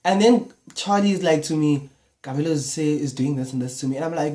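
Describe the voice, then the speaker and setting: Young South African guy, storytime vlogger, casual and animated, tosses in slang fillers. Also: on the high side, fairly quick. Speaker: YouTuber. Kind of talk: storytime vlog.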